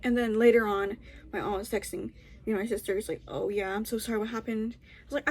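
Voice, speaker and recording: A woman's voice: mid-range voice, fairly even intonation, fast, darkish tone, breathy edge. A young woman vlogger telling a story in a casual, rambling way, full of restarts and fillers.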